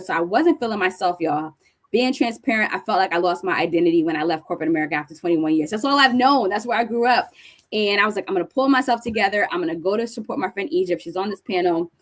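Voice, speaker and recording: A middle-aged woman from New Jersey giving a conference talk, high-energy and animated as she tells stories to the audience. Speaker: speaker presenting to an audience. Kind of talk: conference presentation.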